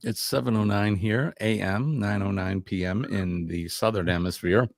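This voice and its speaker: A man's voice: on the low side, steady tone, normal speed, no room sound, studio quality. A man hosting a casual live quiz stream, reading viewer comments aloud in an upbeat way.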